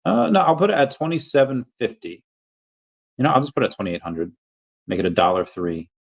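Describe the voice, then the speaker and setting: A man's voice: mid-range voice, expressive, brisk, gravelly, highs cut off. A man hosting a casual livestream, answering chat questions in a rambling, self-correcting way.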